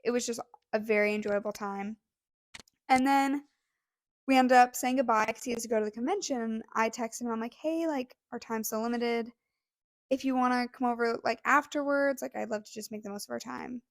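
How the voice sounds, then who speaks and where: A young woman with a fairly high voice tells a story on a podcast, gushing and emotional, with lots of fillers. She sounds close to tears. The recording is close and dry. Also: brisk, dry recording. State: near tears. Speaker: podcast co-host. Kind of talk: casual storytelling chat.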